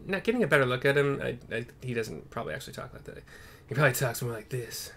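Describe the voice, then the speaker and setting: A man's voice: mid-range voice, lively intonation, quick pace, a bit bright, slight background noise. A man giving casual, irreverent commentary while narrating his playthrough of a game, with swearing asides.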